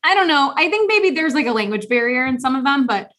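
A woman's voice: sits high, big pitch swings, fast, fairly bright tone. A woman co-hosting a podcast in casual chat, playful and joking as she reads posts aloud in mock voices. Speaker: podcast co-host.

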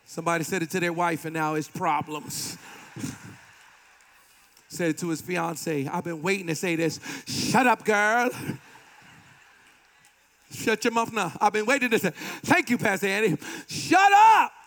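A man preaching a sermon with animated delivery, playful asides and call-and-response with the congregation. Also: high-pitched, moderate pace. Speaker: pastor.

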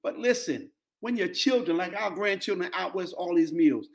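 Middle-aged male pastor, African-American English accent, high-pitched voice, preaching with repetition and call-outs. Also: expressive, moderate pace, gravelly. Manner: preaching with call-outs to the congregation, repeating phrases for emphasis. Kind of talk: sermon.

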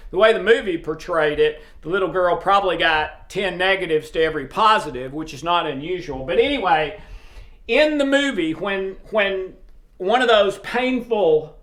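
A man giving an informal sermon, earnest and emphatic, with frequent pauses and fillers. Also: high voice, fairly bright tone. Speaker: preacher. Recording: roomy echo.

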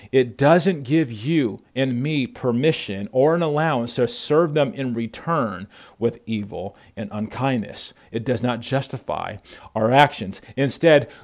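A man preaching a sermon, telling Bible stories in an animated way and addressing listeners as folks. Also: medium pitch, unhurried.

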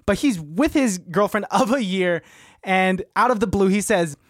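A man co-hosting a podcast, telling a movie plot in casual chat, animated, laughing often and swearing freely. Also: high voice, moderate pace, dry recording, studio quality.

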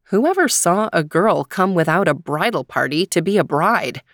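A woman's voice: on the low side, animated, normal speed, a bit bright, dry recording, clean studio sound. A woman voicing the village people, doubtful and matter-of-fact. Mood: skeptical.

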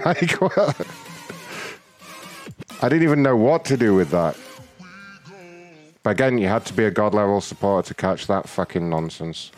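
A man's voice: on the low side, animated, moderate pace, long pauses, soft background music. A man hosting a prank call show, brash and profane in casual banter. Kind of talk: casual chat and prank calls.

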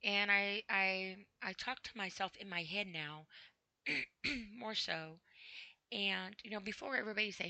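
A woman hosting a podcast, talking slowly and haltingly about her own feelings, with a dry throat that she clears often. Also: medium pitch, pushed and bright, no echo, poor audio. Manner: slow, halting, with frequent throat clearing and sighs. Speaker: podcast host. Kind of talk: personal spoken reflection.

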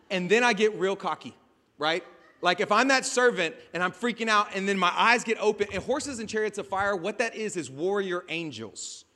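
A man preaches with a high, bright, cutting voice, animated and joking as he acts out the scenes. His voice carries a long reverb from a large hall. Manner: animated and joking, acting out scenes with shouted asides. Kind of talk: sermon.

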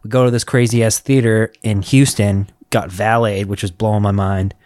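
A man in casual chat, telling stories in an animated, profane way. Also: lowish voice, moderate pace, dry recording, clean studio sound.

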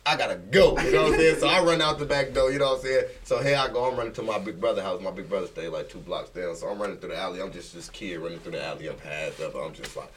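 A man's voice: deep voice, rapid-fire, hardly any pauses. Laughing man telling a story. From Chicago. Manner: laughing, animated storytelling with acted quotes. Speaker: guest. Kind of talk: casual storytelling. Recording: distant mic with faint noise.

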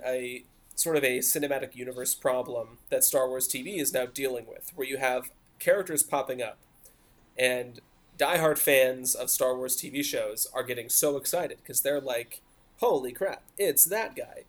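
A man's voice: mid-range voice, normal speed, a bit bright. A man co-hosting a podcast, explaining at length in a casual, talkative way and laughing often. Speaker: podcast co-host.

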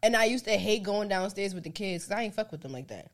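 A woman's voice: mid-range voice, expressive, quick pace. A young woman co-hosting a podcast, telling stories with jokes and frequent profanity. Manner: joking, storytelling, frequent laughter, profane. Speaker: podcast co-host. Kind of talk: casual chat.

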